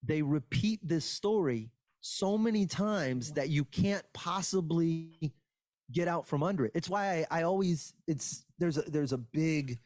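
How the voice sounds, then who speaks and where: Man, high voice, emphatic, argumentative, profane, dry sound. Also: a little slow, a little mellow, no echo. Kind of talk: casual podcast chat.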